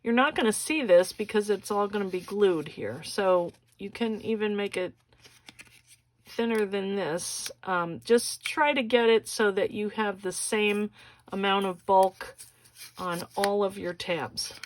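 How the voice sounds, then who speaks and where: A woman's voice: mid-range voice, unhurried. A woman hosting a casual crafting tutorial, walking through each step in a chatty way and often checking in with "okay?".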